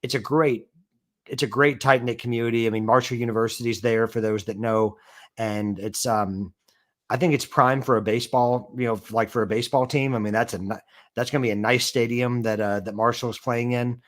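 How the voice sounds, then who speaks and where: A man's voice: mid-range voice, fairly even intonation, fairly quick, fairly bright tone. A man co-hosting a casual sports stream, explaining at length with many "I mean" and "you know" fillers. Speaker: co-host.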